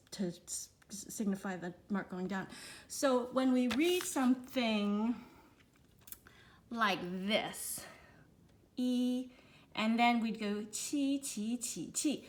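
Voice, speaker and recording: A woman reviewing children's learning books for her child, talking in a relaxed way with frequent fillers and demonstrating sounds. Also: medium pitch. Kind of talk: casual instructional review.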